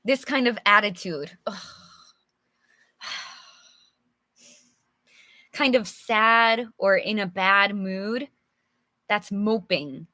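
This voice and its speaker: Bright-voiced, slow-paced woman teaching English. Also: medium pitch, no echo. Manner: chatty and encouraging, answers viewers' comments by name; acts out examples with sighs and groans. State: slightly losing her voice. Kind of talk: live English storybook lesson.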